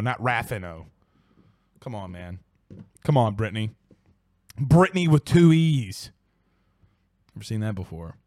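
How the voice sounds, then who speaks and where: A man's voice: medium pitch, no echo, studio quality. A young man hosting a casual sports podcast, exclaiming and swearing as he reads viewer comments. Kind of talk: casual live-stream chat.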